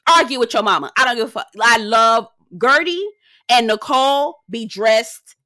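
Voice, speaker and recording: A woman's voice: on the high side, bright, forceful tone, dry recording, studio quality. A woman hosting a casual reality TV recap, sassy and dramatic, swearing freely and mimicking the cast. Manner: sassy, dramatic, profane, quick mimicry of others.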